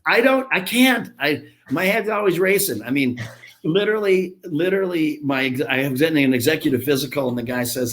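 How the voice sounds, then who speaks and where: A man's voice: a little high, animated, fairly quick, a bit bright. A man in his fifties, a business founder telling blunt, chatty, self-mocking stories as a podcast guest. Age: 50s. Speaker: gym franchise founder, guest. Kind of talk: casual podcast interview.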